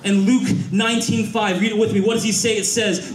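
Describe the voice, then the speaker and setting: A male pastor with a high-pitched voice, preaching in an energetic, repetitive call-and-response style. He slips in Mandarin phrases now and then. The sound carries the strong echo of a church auditorium. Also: fast talker, few pauses. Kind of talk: sermon.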